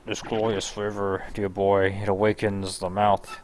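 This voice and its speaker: A man's voice: lowish voice, flat delivery, unhurried, a little mellow, lightly acted. A streamer voicing an old male bomb-creature sailor with pompous, old-fashioned talk, faint music behind. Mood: mournful.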